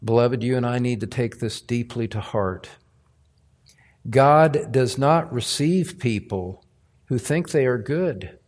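A man preaching a sermon as pastor, earnest and emphatic, with deliberate phrasing that presses each point home in a church. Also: mid-range voice, a little mellow.

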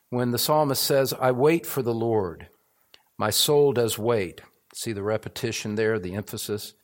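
A man's voice: lowish voice, normal speed. An older man preaching a sermon as a pastor in an evening church service, earnest and building to emphatic repetition.

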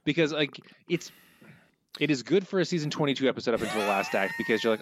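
A man's voice: mid-range voice, sing-song, fast, no room sound. Dry, sardonic male podcast co-host. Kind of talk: casual podcast discussion. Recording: dull, lo-fi dry sound.

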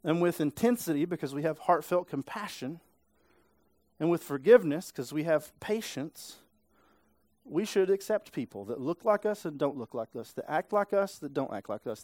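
A man's voice: a little high, darkish tone, no echo. Man, pastor, conversational sermon, frequent tag questions, dry close mic. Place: church sanctuary.

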